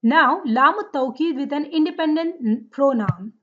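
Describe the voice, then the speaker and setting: High-pitched woman teacher, patient drilling delivery, dull lo-fi class recording. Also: a bit bright. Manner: drills forms slowly, checks with "right?" and "okay?". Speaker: Arabic grammar teacher. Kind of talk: lesson on Quranic Arabic grammar.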